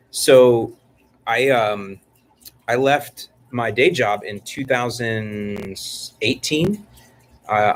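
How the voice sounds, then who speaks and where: A man's voice: medium pitch, slight background noise. A middle-aged man hosting a casual live-stream chat about lawn care, joking and rambling with frequent restarts. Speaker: lawn care channel host.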